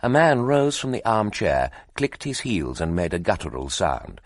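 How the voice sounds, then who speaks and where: A man narrating an audiobook in a measured, expressive storytelling manner. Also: low voice, no room sound. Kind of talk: scripted narration.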